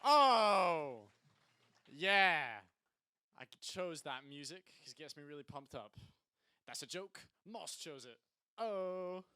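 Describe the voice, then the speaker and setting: A young Scottish man hosting a student stand-up night, chatty and self-deprecating, hyping the crowd in loud bursts. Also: a little high, a little slow, no room sound, studio quality. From Scotland. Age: young adult. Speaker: stand-up host and compere. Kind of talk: live stand-up comedy. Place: student comedy night venue.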